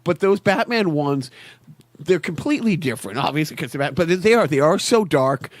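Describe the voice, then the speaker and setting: This is a man co-hosting a podcast, with a slightly raised pitch, recorded dry and close. He rambles with enthusiasm, stacks restarts and acts out scenes he loves. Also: expressive, normal speed, dry recording. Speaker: podcast co-host. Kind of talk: casual chat.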